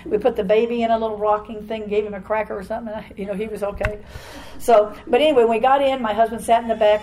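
Older woman telling a lively church testimony. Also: on the high side, quick pace, low-quality recording. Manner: rambling, animated storytelling with frequent laughs. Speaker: church speaker giving testimony. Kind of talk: personal testimony to a congregation.

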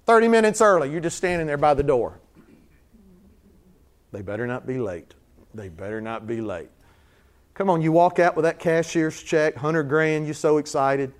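High-voiced pastor guy preaching in church, chatty then all fired up. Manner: conversational preaching with acted-out scenes, rising to fervent repetition. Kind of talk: sermon.

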